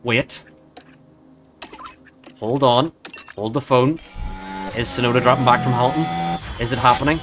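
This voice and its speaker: A man streaming a racing management game, commenting in a frantic, pleading way that swings from hushed to yelling. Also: medium pitch, fairly even intonation, normal speed, pauses often, over music. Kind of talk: excited live gameplay commentary.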